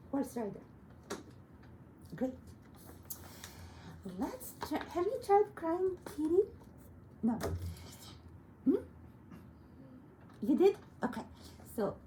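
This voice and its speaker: Slow, gentle woman piano teacher. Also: high voice, slight background noise, low-quality recording. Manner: gentle, coaxing and encouraging with a child. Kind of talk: one-on-one children's piano lesson. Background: piano playing.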